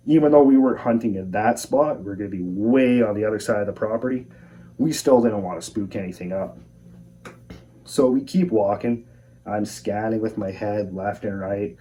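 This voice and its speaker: A young man calmly telling his own outdoor encounter story in a measured, plain-spoken way. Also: lowish voice. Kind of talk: first-person encounter storytelling. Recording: voice a bit far from the mic.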